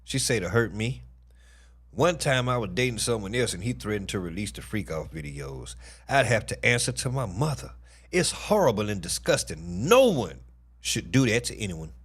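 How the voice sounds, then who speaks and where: Husky, lively-voiced man. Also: lowish voice, moderate pace. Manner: animated, profane, full of exclamations. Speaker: livestream commentary host. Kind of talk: casual reaction commentary.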